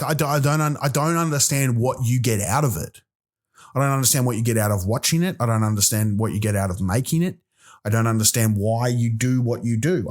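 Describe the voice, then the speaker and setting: Male comic, profane rambling monologue, mid-range voice. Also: medium pitch. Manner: exasperated, profane, animated rants. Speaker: comedian podcast host.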